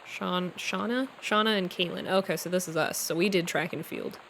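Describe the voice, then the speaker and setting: A woman's voice: fairly low pitch, normal speed, gravelly, fairly bright tone, poor audio. Woman streamer, casual gameplay chatter, swears a lot, stumbles reading aloud, faint background hum. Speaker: streamer playing a game. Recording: live stream with faint room noise.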